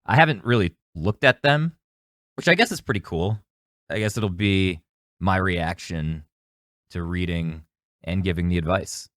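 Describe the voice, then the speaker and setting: A man's voice: low-pitched, measured pace, fairly bright tone, no room sound, clean studio sound. A young man hosting an advice podcast, telling a rambling, jokey story with some cursing. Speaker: podcast host. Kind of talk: casual solo storytelling.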